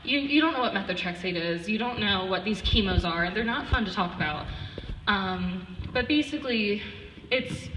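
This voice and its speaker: A teenage girl tells a personal story in a loose, chatty way, filling it with "like" and acted-out quotes. Her voice is bright and clear. She is recorded from a distance in a large hall with a long echo. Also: mid-range voice, animated, moderate pace, slight background noise. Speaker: student speaker at a charity event.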